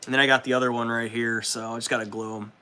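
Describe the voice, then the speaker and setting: Dude streaming his hobby night, swearing a lot, hyped, reading chat out loud, bright edgy voice. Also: mid-range voice, fast talker, smooth. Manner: loose, profane and excitable, reads chat aloud. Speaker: livestream host. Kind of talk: casual livestream chat while building models.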